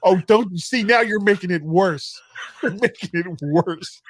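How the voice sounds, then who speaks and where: A man's voice: high-pitched, unhurried, no room sound. A middle-aged man hosting a casual podcast chat, joking, laughing often and stumbling over his words. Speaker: podcast host.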